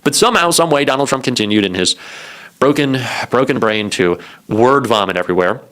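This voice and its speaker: Man, mid-pitched voice, sarcastic political commentary, mocking and profane. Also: animated, fairly quick, a bit bright.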